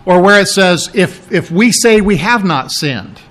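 A man's voice: sits high, expressive, measured pace, fairly bright tone. A middle-aged man, a pastor preaching a sermon in a conversational, explaining manner, often repeating his words.

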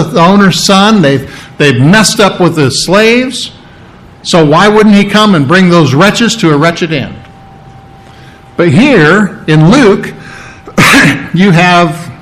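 High-voiced man teaching a sermon. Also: a bit bright, low-quality recording. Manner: teaching, conversational, frequent restarts and check-ins. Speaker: pastor.

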